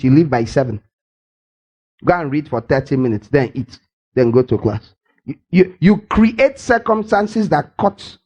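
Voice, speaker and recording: An older man preaching a lively sermon, teasing his listeners and acting out little scenes as he goes. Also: on the high side, dull audio. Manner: playful and teasing, acts out scenes, laughs often. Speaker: pastor. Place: church hall.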